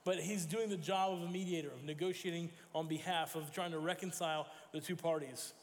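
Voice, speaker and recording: A man's voice: a little high, fairly even intonation, a little fast, big-room sound. A man preaching a sermon as pastor, telling stories and acting out quoted voices. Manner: storytelling with acted quotes and self-corrections. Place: church sanctuary.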